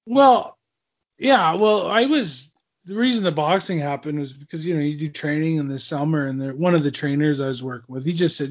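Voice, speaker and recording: Animated storytelling man, lo-fi audio. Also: on the high side, fairly quick. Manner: animated, acts out quotes, laughs often. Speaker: guest, former hockey player. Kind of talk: storytelling in a casual podcast interview. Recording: dull lo-fi podcast audio.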